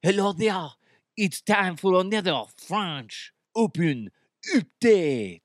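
A man's voice: sits high, lively intonation, takes it slowly, no echo, clean studio sound, voice pushed up. A man voicing a pompous French tennis announcer with a put-on French accent. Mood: mock-serious.

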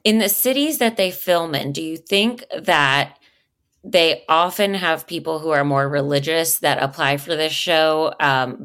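A woman's voice: deep voice, fairly bright tone. A woman co-hosting a podcast in casual chat, thinking aloud and asking long questions. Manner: thoughtful, asks long questions. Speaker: podcast co-host.

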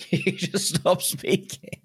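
A British man hosting a podcast, chatting in a relaxed, teasing way and laughing often. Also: high-pitched, extremely slow, slightly rough. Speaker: podcast host. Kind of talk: casual chat.

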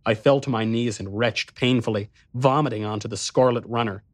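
A man narrates a story in the first person with tense, breathless intensity. His voice is mid-pitched and recorded close in a dry studio booth. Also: fairly even intonation, fairly quick, no room sound.

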